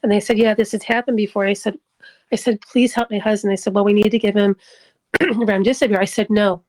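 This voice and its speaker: A woman's voice: medium pitch, fairly even intonation, fairly quick, a little mellow, poor audio. A middle-aged woman giving an emotional personal testimony in an interview. She acts out the dialogue as she tells it. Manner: emotional storytelling, acting out dialogue.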